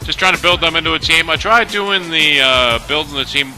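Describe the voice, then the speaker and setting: Bright rambling gaming host. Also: male voice, a little high, brisk, faint music behind. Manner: rambling, lots of fillers and restarts. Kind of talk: casual gameplay commentary.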